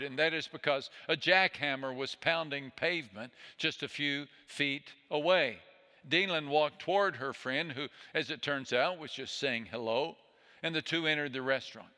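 A man preaching a sermon as a pastor, speaking in a gentle, soothing way that often sinks low and soft. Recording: long hall reverb.

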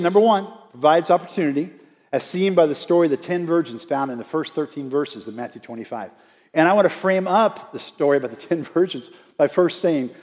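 A man's voice: fairly high pitch, darkish tone. Man preaching a storytelling sermon. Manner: storytelling, coaxes the congregation to repeat lines. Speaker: outreach minister. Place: church sanctuary. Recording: church hall with long reverb.

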